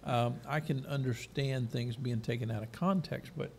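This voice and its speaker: A man with a gravelly, dark voice hosts a loose dinner-table discussion, chatting between mouthfuls. Faint room noise sits under a live-stream recording. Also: mid-range voice, normal speed. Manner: eating while talking, relaxed interjections. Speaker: host. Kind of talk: casual panel chat over dinner.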